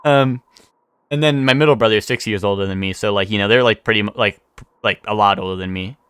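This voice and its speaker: A man's voice: lowish voice, fast talker, fairly bright tone, clear, resonant tone, no echo. A man streaming live, chatting casually with chat, rambling with many fillers and restarts and swearing freely.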